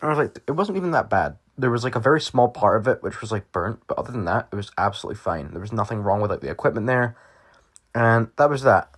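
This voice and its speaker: This young British vlogger talks fast and expressively in a fairly low voice. He casually recounts a personal story to viewers, rambling, full of swearing and fillers.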